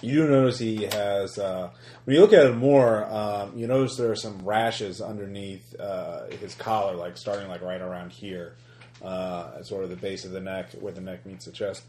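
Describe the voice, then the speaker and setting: Low-voiced man running a horror game. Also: steady tone, moderate pace, dark tone, echoey room. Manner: hesitant, many fillers and restarts. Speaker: game master. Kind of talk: narrating a tabletop horror game.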